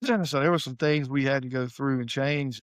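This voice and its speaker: A middle-aged man from Georgia, a high school football coach telling stories in a casual interview in a folksy, animated way. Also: normal speed, no room sound. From Savannah, Georgia, US.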